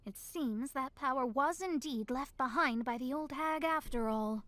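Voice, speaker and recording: A haughty young astrologer. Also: female voice, sits high, measured pace, a crowd in the background. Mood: indignant. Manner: haughty, indignant.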